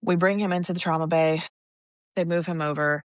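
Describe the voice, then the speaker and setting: A young woman paramedic on a podcast, recounting a hard call in a raw, halting way with restarts and swearing. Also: on the low side, fairly even intonation, no room sound. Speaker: paramedic guest. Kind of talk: emotional podcast storytelling.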